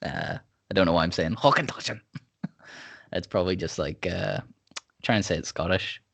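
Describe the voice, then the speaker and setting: Low-voiced laid-back podcast host. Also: male voice, fairly even intonation, normal speed, gravelly. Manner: rambling, laid-back, many fillers. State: sipping whiskey. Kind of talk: casual chat.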